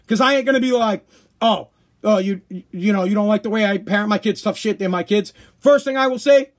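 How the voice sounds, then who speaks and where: A man hosting a podcast, ranting bluntly and profanely in a casual monologue. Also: extremely high pitch. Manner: profane, blunt, worked-up rants. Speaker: podcast host.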